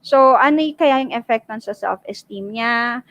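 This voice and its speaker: A woman's voice: a little high, normal speed, fairly bright tone, no echo, rough recording. A woman with a Filipino accent giving an online parenting seminar, often checking in with "okay?" and slipping into Tagalog. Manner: frequent "okay?" check-ins, switching into Tagalog.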